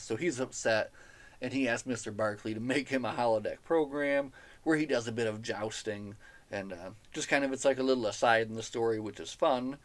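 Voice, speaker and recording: A man's voice: fairly low pitch, moderate pace. A man hosting a podcast, recapping a novel in a casual, enthusiastic way, chatty and laughing now and then at the silly plot. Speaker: podcast host reviewing a novel.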